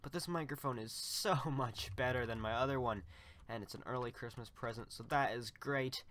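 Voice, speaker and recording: Excitable male gameplay host, casual chatter that repeats itself and jumps to yelling, clean USB desk mic, middle-pitched. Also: moderate pace. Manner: excitable, repeats short phrases, yells during fights. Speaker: gaming channel host. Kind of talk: casual game commentary. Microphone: USB desktop microphone.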